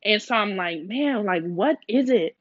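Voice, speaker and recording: A young woman hosts a faith podcast, opening up in a confessional, emotional way and scattering casual slang through her talk. Her voice sits at a middling pitch and comes across dry and close, with no room sound, on a slightly muffled lo-fi recording. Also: lively intonation, measured pace, dry recording. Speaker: podcast host. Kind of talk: candid faith podcast monologue.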